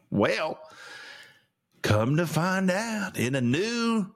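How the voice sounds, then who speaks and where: A man's voice: sits high, big pitch swings, very slow. A man hosting a solo podcast, ranting indignantly about the news with lots of stammered restarts. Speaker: podcast host. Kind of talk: opinionated solo commentary.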